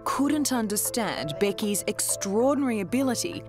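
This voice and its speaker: An Australian woman reporter giving scripted, measured TV narration. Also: on the high side, expressive. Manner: measured, polished delivery. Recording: narration over music.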